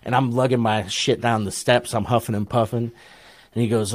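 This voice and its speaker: A man's voice: medium pitch, steady tone, normal speed, no room sound. A middle-aged man with an Ohio accent, telling a long story on a podcast in a laid-back, profane way and laughing often. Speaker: podcast co-host. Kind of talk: casual chat, storytelling.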